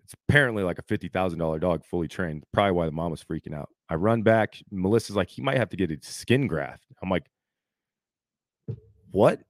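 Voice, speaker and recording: A man's voice: low voice, fast, hardly any pauses, dry recording. A man in his thirties, a podcast co-host, telling a story in casual chat and acting out the quotes, saying "dude" a lot.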